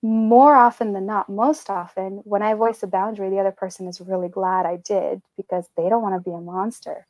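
A woman's voice: mid-range voice, fairly even intonation, a little fast, few pauses, darkish tone, no echo, poor audio. A woman co-hosting a podcast, talking in a candid, reflective way and laughing lightly between thoughts. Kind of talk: casual podcast conversation.

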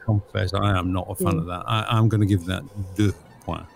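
A man hosting a podcast in casual chat, lively and jokey as he leads a scoring game. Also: deep voice, fairly quick, vocal fry, soft background music. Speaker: podcast host.

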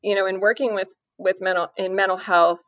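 A woman speaking earnestly about parenting a son with addiction, in a measured way with many fillers. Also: medium pitch, fairly even intonation, no room sound. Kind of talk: conversational podcast interview. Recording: dry, muffled lo-fi audio.

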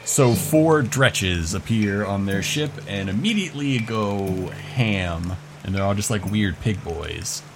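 A man's voice: lowish voice, slow, hardly any pauses, background noise. A man playing a tabletop game, talking in a hesitant, rambling and joking way. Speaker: player. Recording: clear background music.

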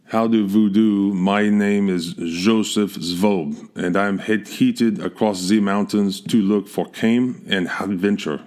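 A man voicing an eighteenth-century German immigrant hunter, speaking slowly and carefully in a heavy German accent. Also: fairly low pitch, fairly even intonation, a little mellow. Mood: earnest. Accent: heavy German accent, put on. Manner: slow, deliberate and careful.

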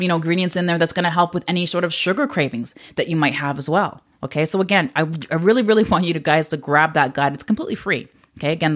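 Chatty woman podcast host, slightly low. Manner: chatty, candid, laughs often, many fillers. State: emotional, a little choked up at times. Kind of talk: casual solo podcast talk.

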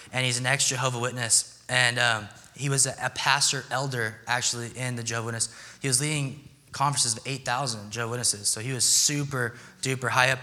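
A young man delivers a sermon in a relaxed, chatty way, joking about himself and dropping slang between scripture passages. His voice is strikingly bright and cutting. It rings out with a long reverb tail, as in a large hall. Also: medium pitch. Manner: conversational, joking, self-deprecating, with slang. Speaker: pastor. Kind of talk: casual sermon.

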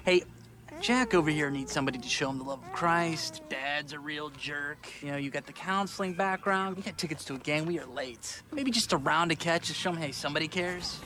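An actor playing a pushy churchgoer in a comedy skit, trying to talk someone into a favor. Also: male voice, a little high, a little fast, close to an everyday voice. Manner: pushy, persuasive. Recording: skit video with background noise.

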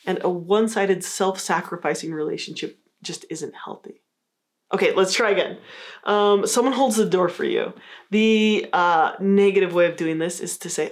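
A woman's voice: fairly low pitch, normal speed. A woman giving an explanatory talk on communication skills, coaching the listener and acting out example phrases.

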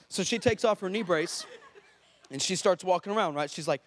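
A man, a pastor telling a story in a sermon, animated and acting out the people in it. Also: high-pitched, fairly quick. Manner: animated, acts out shouts and voices of people in his story. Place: church hall before a congregation.

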